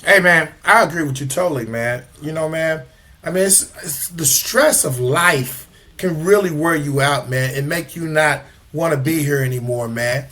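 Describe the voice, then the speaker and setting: A man's voice: a little high, normal speed, sharp tone. A man co-hosting a talk show, speaking from the heart and ending most phrases with "man". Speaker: co-host. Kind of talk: casual talk show chat.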